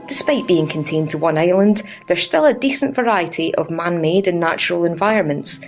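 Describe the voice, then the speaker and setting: Sweary Scottish woman reviewing games. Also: on the low side. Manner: sarcastic, crude and cheeky. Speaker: game reviewer. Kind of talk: scripted sweary review narration.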